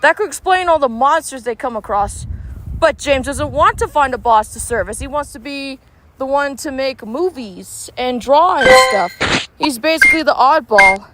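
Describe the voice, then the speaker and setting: A high-pitched woman talks in a loose, chatty way as she plays a mobile game, musing aloud about what might happen next. Heavy background noise sits under her voice throughout, with clicks and passing vehicles. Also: moderate pace. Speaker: gaming vlogger. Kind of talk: casual speculative commentary while playing.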